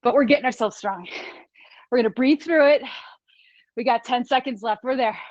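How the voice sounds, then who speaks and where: A woman's voice: a little high, normal speed, dry recording, dull audio. A woman leading a live online fitness class, cheering people on, counting down reps and often laughing. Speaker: fitness instructor. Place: small studio room.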